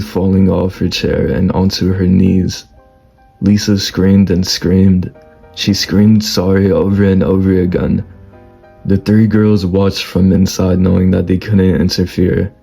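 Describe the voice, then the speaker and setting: A man with a deep, husky voice reading a fan fiction story slowly in a whispered role-play style, stammering through the dialogue. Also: little pitch movement, faint music behind. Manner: slow, low soft storytelling with stammered dialogue.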